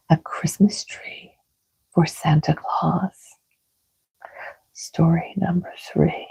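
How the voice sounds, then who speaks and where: A woman reads a bedtime story in a soft, soothing whisper, very slow and unhurried. Her low voice is breathy and gravelly. The recording sounds dull and lo-fi.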